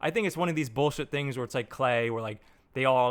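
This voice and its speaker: Talking fast in a clear, resonant, medium-pitched voice with fairly even intonation, this marketing man reviews software in an unscripted rant to camera. He rambles, keeps restarting his sentences, and swears heavily.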